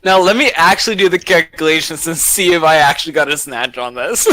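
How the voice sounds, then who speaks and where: A man's voice: on the high side, fairly quick, pushed and bright, dry recording. A man playing a tabletop game, haggling in character and stumbling through sums aloud. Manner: bargaining, stumbling over sums. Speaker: player. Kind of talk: tabletop role-play chat.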